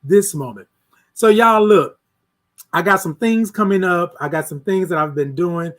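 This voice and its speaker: A fairly high-voiced man chats live with his viewers. He repeats warm affirmations and calls out names one by one. His voice jumps from loud bursts to soft asides. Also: measured pace. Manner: warm, repetitive affirmations, shouts out viewers by name. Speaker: host of a morning livestream. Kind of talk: casual live-stream chat with viewers.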